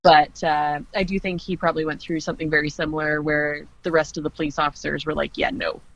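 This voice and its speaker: A woman's voice: low-pitched, flat delivery, quick pace, a bit bright, dry recording, poor audio. Chatty woman podcast guest. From Canada. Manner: chatty, laughs often, lots of fillers. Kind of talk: casual podcast chat.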